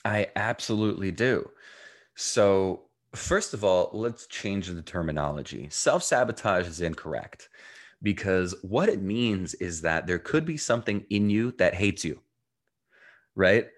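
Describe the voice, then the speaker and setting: Very low-voiced man, emphatic and animated. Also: a little slow. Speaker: guest, mindfulness coach. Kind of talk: conversational podcast interview.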